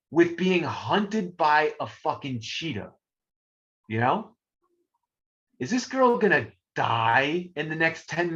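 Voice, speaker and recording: Animated, playful male professor lecturing online. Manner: animated, playful, talks to chat, swings pitch. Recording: dull lo-fi stream audio.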